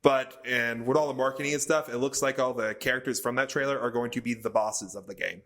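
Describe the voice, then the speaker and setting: A man's voice: mid-range voice, fast talker, a bit bright. Enthusiastic man chatting about games. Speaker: guest podcaster. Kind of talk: casual chat.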